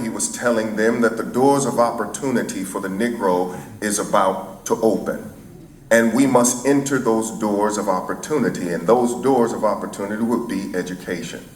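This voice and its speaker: A middle-aged man from St. Louis, a chaplain, telling a folksy story to an audience. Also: on the low side. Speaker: chaplain and speaker. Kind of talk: storytelling before a speech. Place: event hall. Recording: echoey hall, faint ambience.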